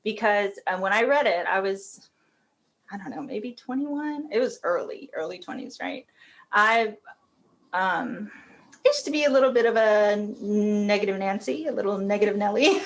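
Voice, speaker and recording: A woman's voice: medium pitch, expressive, moderate pace. Podcast guest, woman, casual and heartfelt, laughs easily, talks in loose run-on phrases. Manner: chatty, laughs often, emotional. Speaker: podcast guest, company COO.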